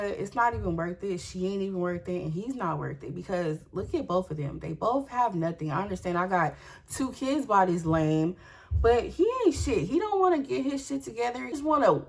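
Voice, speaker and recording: In a storytime vlog, a young woman with a mid-range voice speaks candidly straight to her viewers. She's animated and profane throughout.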